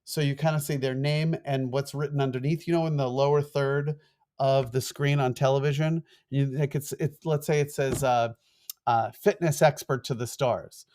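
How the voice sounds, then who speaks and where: A middle-aged man with a New York accent, a former TV producer lecturing fast in an online course and acting out quoted emails. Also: medium pitch. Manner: fast-talking, animated, acts out quoted emails.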